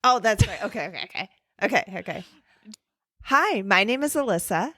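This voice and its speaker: A woman co-hosting a podcast, chatting casually in a rambling, jokey way and cursing offhandedly. Her voice sits at a middle pitch. The sound is dry and close, with no room around it. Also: animated, moderate pace, bright, forceful tone, dry recording. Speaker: podcast co-host. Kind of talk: casual chat.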